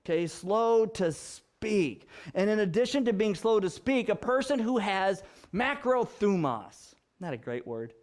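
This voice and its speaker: A pastor delivering a sermon to his congregation in a high, light male voice. He teaches step by step, unpacks the meaning of words, and teases his listeners with easy laughter. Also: lively intonation, normal speed, hardly any pauses.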